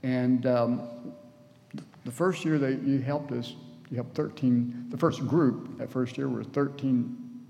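A man's voice: mid-range voice, steady tone, slow pace, gravelly, mellow, muffled recording. A man preaching a sermon in church, earnest, sometimes acting out the people in the story. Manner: earnest, acts out voices in the story. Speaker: guest preacher. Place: church hall. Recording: long church hall reverb.

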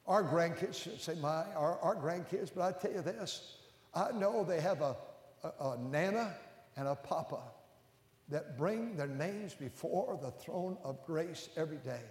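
An older man preaching a sermon as a pastor. He climbs to loud, emphatic peaks and then drops low and close. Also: animated, unhurried. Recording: echoey hall with long reverb.

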